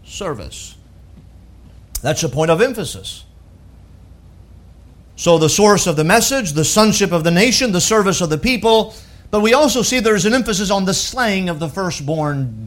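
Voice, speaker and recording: A man preaching a sermon, emphatic, asking rhetorical questions and slowing down on key phrases. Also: sits high, fairly bright tone.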